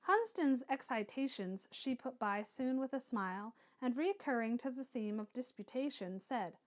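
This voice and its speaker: A woman narrating a classic novel as an audiobook reader, in a measured storytelling manner. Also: fairly high pitch, lively intonation.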